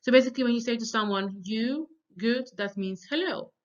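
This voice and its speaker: Woman teacher, fairly high voice, patient beginner drills, slightly muffled lo-fi recording. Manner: slow, deliberate pronunciation drills with frequent pauses and fillers. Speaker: language teacher. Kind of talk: recorded beginner language lesson.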